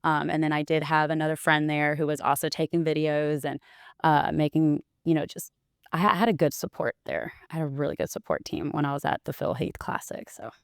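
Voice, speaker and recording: Young woman, low voice, chatty interview guest, dry close sound. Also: steady tone, fairly quick, gravelly, smooth, no room sound. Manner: chatty storytelling, quoting others. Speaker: interview guest, wellness bodybuilder. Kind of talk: casual interview chat.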